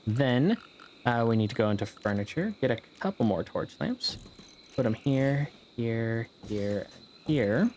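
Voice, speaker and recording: A man's voice: medium pitch, expressive, measured pace, a little mellow, a little hiss or hum. A man giving casual, rambling gameplay commentary, joking around and swearing freely as he plays. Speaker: gameplay video host.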